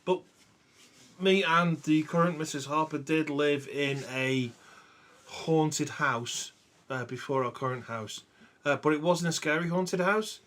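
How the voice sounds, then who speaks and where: Jumpy podcast guest. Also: male voice, on the high side, a little slow, fairly bright tone. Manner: reactive, jumpy listener. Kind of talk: casual chat.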